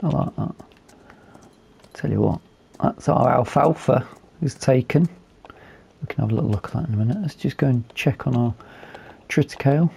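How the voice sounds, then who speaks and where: A man with a hoarse, fading voice, calmly commentating a game as he plays and thinking aloud with fillers. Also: medium pitch, fairly quick, pauses often. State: losing his voice. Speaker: gaming video host.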